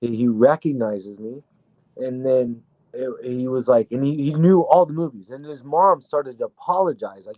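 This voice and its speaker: A man guest telling a rambling story in a casual, excitable way, swearing freely. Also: medium pitch, a little fast, no echo, muffled recording. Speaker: guest actor.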